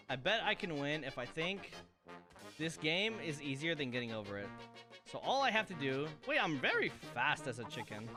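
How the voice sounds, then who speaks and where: Young male streamer, very swingy pitch, swears and shrieks, laughs a lot. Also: sing-song, normal speed, bright, forceful tone, faint music behind. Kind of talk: gaming stream chat.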